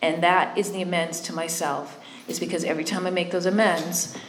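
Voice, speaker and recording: A woman's voice: lowish voice, level tone, a little fast, slight background noise. A woman telling her recovery story in a conversational way, candid and self-deprecating, often checking in with her listeners. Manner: conversational, keeps checking in with "right?". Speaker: speaker sharing a recovery story. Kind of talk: personal testimony talk. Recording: echoey room.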